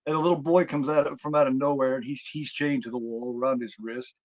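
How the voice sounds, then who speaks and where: A man's voice: mid-range voice, brisk, hardly any pauses, no echo. A man co-hosting a film review podcast, retelling a horror movie in a rambling, casual way with many fillers. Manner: rambling, full of fillers and restarts. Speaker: podcast co-host. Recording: dull dry lo-fi recording.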